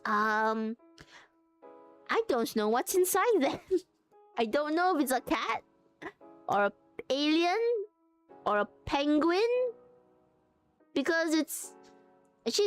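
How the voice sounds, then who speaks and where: A woman's voice: sits high, animated, takes it slowly, pauses often, faint music behind. A young woman streaming live, chatting casually and thinking aloud with giggles as she works on a craft.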